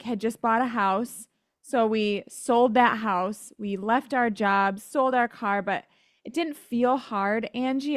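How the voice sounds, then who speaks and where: A woman's voice: fairly high pitch, no echo, studio quality. An American woman telling her faith story as a podcast guest, earnest and sometimes emotional, acting out the people she quotes. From United States. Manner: earnest storytelling, acts out quoted voices, laughs at herself. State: emotional at times. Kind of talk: faith testimony in an interview.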